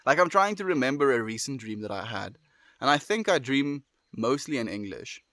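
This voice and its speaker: A man with a South African accent, chatting casually and gently with viewers on a livestream, often trailing off softly at the ends of phrases. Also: mid-range voice, sing-song, normal speed, dry recording, clean studio sound. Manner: gentle, affirming, soft trailing endings.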